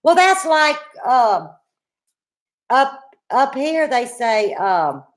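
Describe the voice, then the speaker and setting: A woman's voice: high voice, big pitch swings, drawn-out words. A middle-aged woman with a Louisiana Southern accent, co-hosting a casual live chat in a folksy, teasing, chatty way. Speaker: co-host of a live cooking chat stream.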